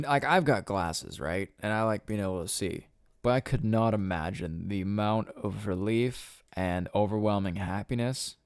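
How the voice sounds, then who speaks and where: Man, low smooth voice, dry close sound, rambling podcast rant, casual swearing. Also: dry recording. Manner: rambling, swears often, laughs at own jokes. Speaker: podcast host.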